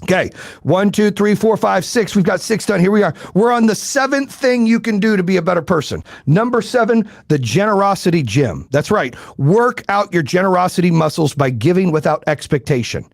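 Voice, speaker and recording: A middle-aged man talks straight at his listeners like a coach, with no polish and plenty of swearing. His voice sits slightly high, and the sound is dry and close with no room echo. He keeps throwing rhetorical questions at the audience. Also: lively intonation, moderate pace, creaky. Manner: blunt, profane, emphatic. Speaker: podcast host and business coach. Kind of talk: motivational live-stream talk.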